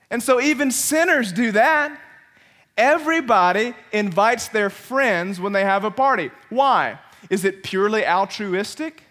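A male pastor preaching with a high, lively voice that swings all over the place. He is playful and animated and drops into quick little character voices to make his points. It sounds like a sermon in a church.

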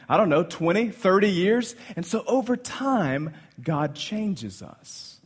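Animated preacher with big swings. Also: male voice, high voice, slow, slightly rough. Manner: teaching, with sudden swings from quiet to loud and emphatic. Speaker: pastor. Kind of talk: sermon.

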